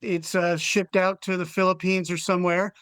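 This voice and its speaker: A man's voice: high voice, flat delivery, moderate pace, fairly bright tone, clean tone, no room sound. A man appearing as a guest comedian on a podcast, chatting in an easygoing, wry way. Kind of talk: casual comedic chat.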